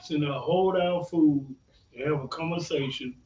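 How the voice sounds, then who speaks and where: A man's voice: on the high side, moderate pace, a little mellow. A man co-hosting a casual podcast, telling stories in an easygoing way with plenty of fillers. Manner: storytelling, easygoing, lots of fillers. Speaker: podcast co-host. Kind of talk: casual opinion chat. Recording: echoey room, mic at a distance, dull sound.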